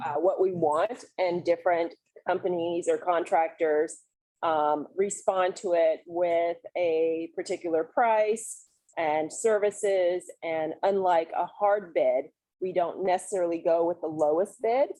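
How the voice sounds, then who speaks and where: A woman's voice: fairly low pitch, fairly even intonation, a little slow, dark tone, no echo, low-quality recording. A woman explaining a process to colleagues in a meeting, plain and explanatory. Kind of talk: meeting discussion.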